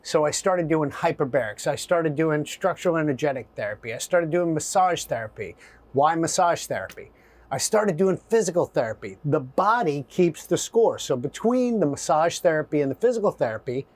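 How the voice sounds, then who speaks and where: Animated middle-aged man telling a story. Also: fairly high pitch, normal speed. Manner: animated storyteller, acts out voices and asides. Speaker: guest. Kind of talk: storytelling interview.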